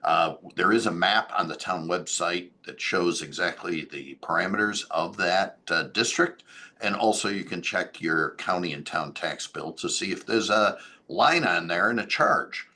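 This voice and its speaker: A man giving a local government update as town supervisor, talking in a halting way with many fillers and self-corrections. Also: low voice, pushed and bright.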